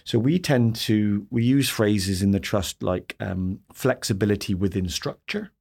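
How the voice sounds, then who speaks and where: A man's voice: lowish voice, measured pace, vocal fry, a little mellow, breathy edge. A man being interviewed as an education leader, speaking in a reflective, anecdotal way. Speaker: school trust leader, guest. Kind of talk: conversational interview.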